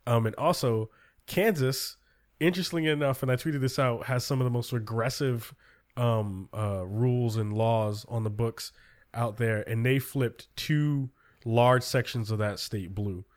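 A man with a middle-pitched voice hosts a relaxed talk show. He rambles through a news list with frequent fillers and restarts, upbeat and informal. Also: measured pace. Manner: loose, filler-heavy rundown of news. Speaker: podcast host. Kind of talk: casual political chat.

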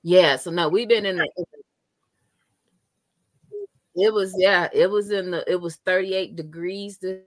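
A woman's voice: on the low side, steady tone, a little slow, long pauses, no echo. A woman co-hosting a podcast in casual chat, rambling and laughing easily. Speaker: podcast co-host.

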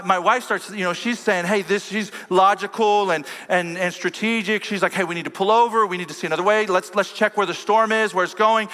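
In a church sanctuary with a long hall reverb, a male pastor with a high, bright, forceful voice preaches a sermon. He tells a story and quotes members of his family as he goes.

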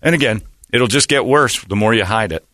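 A man's voice: lowish voice, brisk, pushed and bright, no room sound. A man hosting a radio show, talking in blunt, opinionated studio banter.

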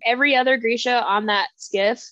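A woman co-hosting a podcast, enthusiastic and excitable in casual chat. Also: on the high side, brisk, no room sound, lo-fi sound. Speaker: podcast co-host.

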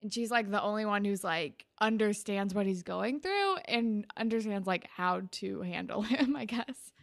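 A woman's voice: mid-range voice, animated, moderate pace, vocal fry. A woman casually recapping a TV episode as a podcast co-host, chatty with many fillers. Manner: chatty, filler-heavy, laughs easily.

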